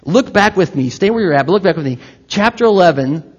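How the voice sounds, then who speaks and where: A man's voice: high voice, lively intonation, a little fast, husky. A man preaching a sermon to his congregation, talking conversationally with asides and direct questions to the listeners. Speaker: pastor. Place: church hall with congregation. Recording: echoey hall, slightly dull sound.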